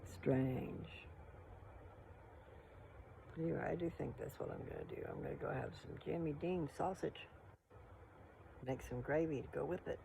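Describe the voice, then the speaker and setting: An older man in a casual vlog, chatting slowly about his plans while sitting outdoors, with a gravelly voice. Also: mid-range voice, a little mellow, slight background noise, low-quality recording. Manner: sings old songs slowly, then chats about breakfast. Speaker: vlogger. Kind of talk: casual monologue with singing. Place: outdoors sitting on a metal chair.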